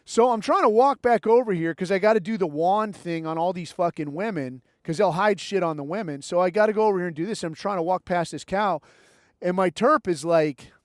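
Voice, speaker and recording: Podcast host, male, high-pitched, wry and foul-mouthed storyteller, dry close sound. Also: fairly quick, no room sound. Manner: profane, rambling, wry. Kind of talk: casual storytelling monologue.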